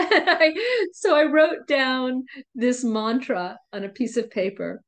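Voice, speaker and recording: A middle-aged woman, a podcast guest, telling a personal story in an animated way, often laughing. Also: high voice, takes it slowly. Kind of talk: storytelling in conversation.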